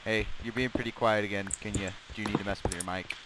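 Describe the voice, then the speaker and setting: A man's voice: lowish voice, fairly even intonation, fast talker. A young man hosting a casual game session, joking and goofing around with a friend. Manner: jokey, playful, prone to silly outbursts. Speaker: gaming channel host. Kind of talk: casual gameplay chat. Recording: noisy voice chat.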